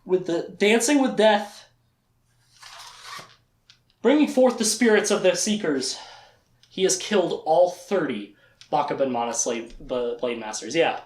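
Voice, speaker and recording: A man's voice: fairly high pitch, lively intonation, measured pace, long pauses, darkish tone. A man giving a casual lecture that recaps a book series, chatty and joking, laughing often and leaning on "like.". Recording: echoey room.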